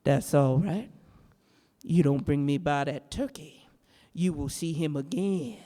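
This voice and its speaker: A woman voicing a gruff, irritated older woman conjurer, low and unbothered in a flat, threatening drawl. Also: unhurried, long reverb tail.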